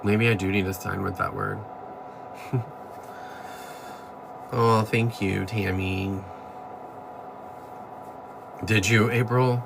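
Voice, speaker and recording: A man's voice: lowish voice, steady tone, takes it slowly, gravelly, pauses often, noisy background. A man hosting a casual livestream chat, thanking viewers by name and ranting bluntly with plenty of profanity. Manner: reads out and thanks viewers one by one. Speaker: livestream host.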